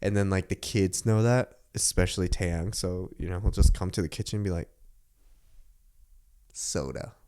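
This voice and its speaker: A young man with a somewhat low voice talks in a loose, rambling way, full of filler words and quick laughs. He sounds like a podcast host chatting casually at home. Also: steady tone, dark tone, clear, resonant tone. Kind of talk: casual chat.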